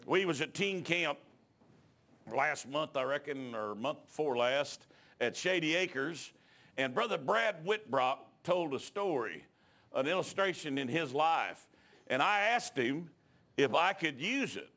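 A middle-aged man, preaching a sermon in a folksy storytelling way that builds to shouted exhortation. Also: fairly high pitch, animated, a little slow.

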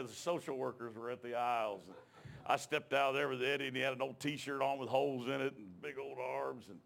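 A man's voice: medium pitch, gravelly, fairly bright tone. A man preaching a sermon, telling his own testimony in a folksy, emphatic way and calling out to the congregation.

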